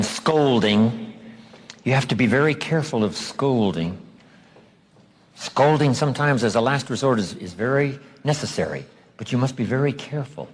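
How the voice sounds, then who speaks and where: A man's voice: mid-range voice, darkish tone. A man giving a motivational seminar talk, emphatic, stretching out key phrases for drama. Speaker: motivational speaker.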